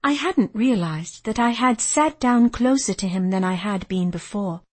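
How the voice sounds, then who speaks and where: A woman narrating a first-person story as an audiobook reader, expressive and voicing the dialogue. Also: medium pitch, normal speed, slightly rough. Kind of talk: scripted narration.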